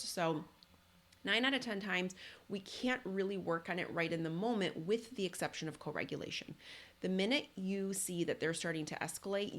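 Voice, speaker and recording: Woman, parenting podcast host, solo talk, earnest, conversational, somewhat low voice, restarts now and then.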